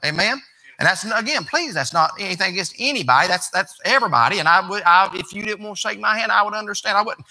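A pastor, a man, preaching in a conversational, folksy manner. His voice is very bright and sits a bit high. He moves between easy talk and emphatic preaching. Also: animated, a little fast. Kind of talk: folksy sermon.

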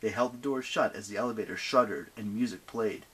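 A man narrating an audiobook with expressive reading. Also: on the low side, fairly quick, husky.

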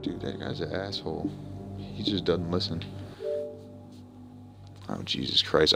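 A man's voice: deep voice, a little slow, vocal fry, pauses often, pushed and bright, faint music behind. A young man streaming a game live, ranting profanely and confrontationally at people in his chat and voice chat. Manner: profane, confrontational, trash-talking.

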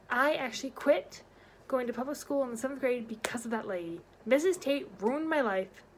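A woman vlogger telling a personal story in an animated, expressive way. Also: normal speed, slight background noise. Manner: animated, expressive storytelling with big pitch swings. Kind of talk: storytime vlog.

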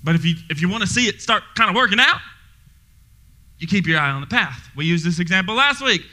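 High, bright-voiced joking male pastor. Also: fast. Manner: energetic and joking, talking straight to the congregation. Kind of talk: sermon. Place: church sanctuary before a congregation.

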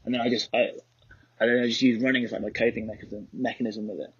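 A man's voice: mid-range voice, flat delivery, racing, fairly bright tone, breathy edge. A young man in casual chat, rambling with many fillers and restarts, who coaches running. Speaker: podcast co-host and running coach. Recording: slightly dull lo-fi recording.

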